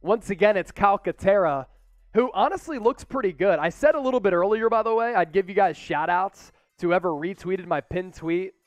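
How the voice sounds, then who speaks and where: Excitable high-voiced male sports host. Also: moderate pace, dry recording, soft background music. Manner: excitable, shouts chants and play-by-play calls. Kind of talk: live sports watch-party commentary.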